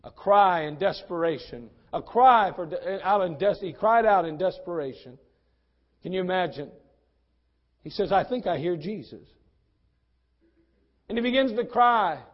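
Male pastor, high-voiced, impassioned sermon delivery, dull lo-fi church recording. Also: animated, normal speed. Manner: impassioned preaching with big swings in loudness.

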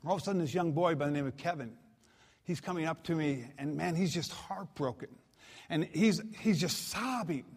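A man's voice: a little high, moderate pace, slightly rough, big-room sound. A man preaching a sermon as a guest preacher, reading scripture and telling homespun stories in a conversational, folksy way. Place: church auditorium.

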